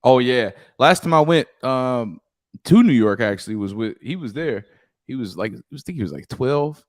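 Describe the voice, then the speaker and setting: A man's voice: mid-range voice, lively intonation, normal speed, dry recording, clean studio sound. A man with a Southern US accent, co-hosting a podcast in casual chat and telling stories with laughs. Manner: laid-back, laughing storyteller. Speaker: podcast co-host.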